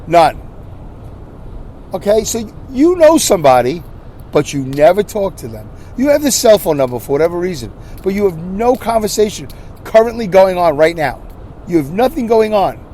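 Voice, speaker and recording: Animated, exasperated male podcast host. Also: high voice, a little hiss or hum. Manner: animated, exasperated ranting with repeated restarts. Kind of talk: casual storytelling monologue.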